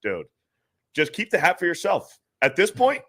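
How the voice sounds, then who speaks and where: A man's voice: high-pitched, huge pitch swings, normal speed, sharp tone. A man hosting a casual live stream, joking and reading viewer super chats aloud. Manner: joking, laughs often.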